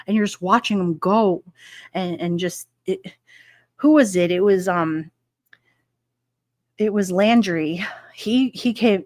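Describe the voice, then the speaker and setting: A woman's voice: mid-range voice, no echo, studio quality. A middle-aged woman hosting a livestream, chatting casually and rambling with frequent laughs while she reads out chat comments. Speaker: livestream host reading chat.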